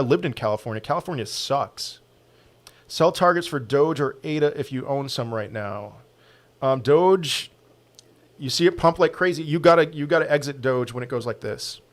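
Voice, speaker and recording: Blunt American man firing quick answers. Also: mid-range voice. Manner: blunt, quick opinions, animated and louder on sports. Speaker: crypto channel host answering viewer questions. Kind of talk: casual live Q&A.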